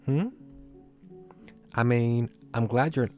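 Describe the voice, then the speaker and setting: A man's voice: medium pitch, slow pace, warm tone, faint music behind, lightly acted. A man voicing a curious young boy in a visual novel, lighter and more childlike than his own voice. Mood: earnest.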